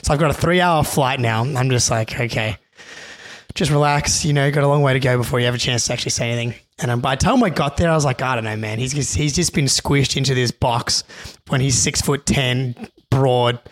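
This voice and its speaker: A young man, a podcast co-host, telling a story in an animated, excitable way with many restarts. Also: medium pitch, fast. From Australia. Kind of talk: casual storytelling.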